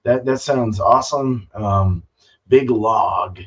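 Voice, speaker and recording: A man's voice: fairly low pitch, takes it slowly, breathy edge. A man hosting a casual home-brew live stream, talking loosely with lots of fillers and swearing. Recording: dull lo-fi stream audio.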